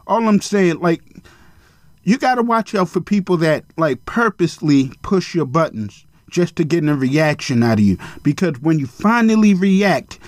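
A man hosting his own podcast in a casual solo monologue, speaking bluntly with lots of swearing and rambling tangents. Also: dry recording. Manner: mocking high-pitched impressions of others. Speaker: podcast host.

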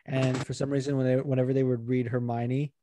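A man co-hosting a casual podcast who rambles along, swears freely and gets animated. His voice is warm and mellow. The recording is dry and close. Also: mid-range voice, brisk, no room sound. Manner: rambling, profane, animated, puts on regional accents. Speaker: podcast co-host. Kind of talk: casual chat.

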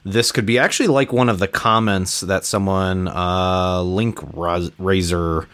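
A man's voice: low-pitched, steady tone, measured pace, fairly bright tone, clean tone. A man co-hosting a gaming podcast, easygoing and chatting casually. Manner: easygoing, laughs along. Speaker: podcast co-host. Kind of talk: casual chat.

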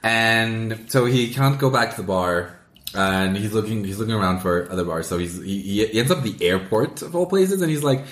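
A man co-hosting a podcast in a casual chat. He laughs often and acts out quoted lines in a high voice. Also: moderate pace, fairly bright tone. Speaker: podcast co-host. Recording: roomy echo.

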